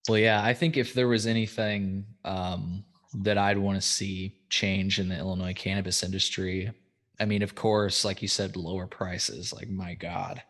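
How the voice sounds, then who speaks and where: A man's voice: deep voice, little pitch movement, moderate pace, a bit bright. A man hosting a podcast in casual chat, laid-back, swearing freely and filling with "um" and "like". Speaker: podcast host.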